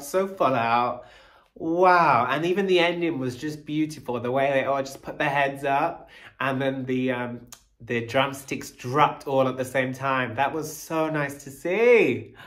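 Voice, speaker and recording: Dancer reacting to a video, unhurried talk, enthusiastic, loud delighted exclamations, addresses viewers directly. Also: mid-range voice. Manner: chatty and admiring, speaks to viewers directly.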